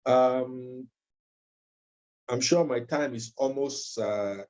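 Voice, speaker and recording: Slow, mellow man lecturing. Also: medium pitch. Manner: measured, with frequent ums and uhs. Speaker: legal trainer. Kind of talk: training lecture. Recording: dull lo-fi recording.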